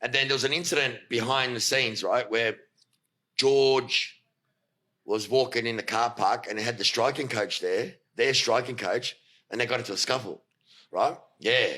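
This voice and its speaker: A man telling a story as a podcast guest, animated, swearing freely and acting out what others said. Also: mid-range voice, moderate pace. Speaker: guest, fight coach.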